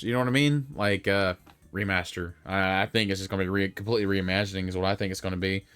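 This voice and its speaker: A young man rambling through casual opinions on video games, full of fillers and self-corrections. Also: mid-range voice. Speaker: gaming commentator.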